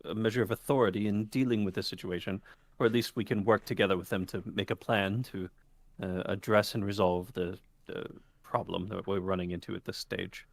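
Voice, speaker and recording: A man speaking as a tabletop player in a formal, halting manner, with frequent pauses. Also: low voice, steady tone, gravelly. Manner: formal, hesitant in-character phrasing. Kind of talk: tabletop role-play.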